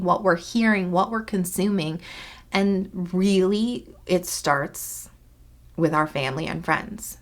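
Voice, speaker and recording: A woman vlogger talking earnestly to camera, pleading and repeating herself for emphasis. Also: fairly low pitch. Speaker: skincare YouTuber. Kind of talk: earnest direct-to-camera talk.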